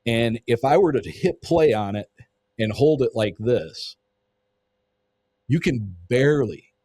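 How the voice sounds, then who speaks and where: A man's voice: medium pitch, expressive, slow pace, warm tone, no echo. A man telling a story in casual conversation as a podcast guest, vivid and swearing freely, acting out what people said.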